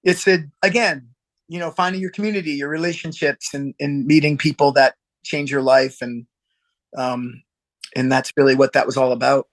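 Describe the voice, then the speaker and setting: A man, a musician guest, telling a story in a casual interview, rambling and halting with laughs and acted-out quotes. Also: medium pitch, fairly even intonation.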